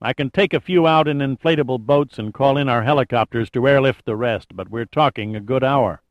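A man voicing a calm, curt male special forces colonel giving flat orders. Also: medium pitch, fairly quick, no room sound, muffled recording, lightly acted.

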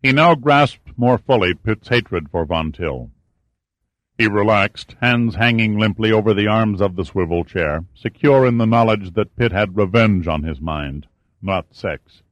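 A man reads a novel aloud in a steady narration. His voice is low and deep. The recording is close and dry, with no room around it. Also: measured pace, no echo. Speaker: audiobook narrator. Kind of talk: scripted narration.

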